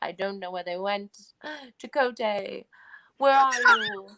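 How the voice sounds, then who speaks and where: A woman's voice: mid-range voice, slow pace, bright, forceful tone, pitched below the performer's own voice. A woman voicing a stern starship captain in a clipped, old-fashioned 1940s-style accent, over a video call. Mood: commanding.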